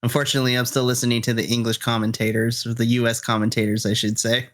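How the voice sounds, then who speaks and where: A man co-hosting a podcast over a home internet call, chatting in a sassy, animated way and laughing often. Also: mid-range voice, fast. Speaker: podcast co-host. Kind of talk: casual live-reaction chat.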